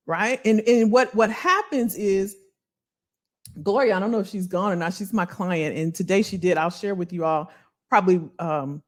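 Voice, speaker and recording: Brief: a woman in her fifties, a career coach hosting a livestream, animated and chatty, with a lively voice. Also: medium pitch. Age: 50s. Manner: animated, chatty, reads and answers live chat, addresses viewers as y'all. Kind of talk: casual livestream talk to viewers.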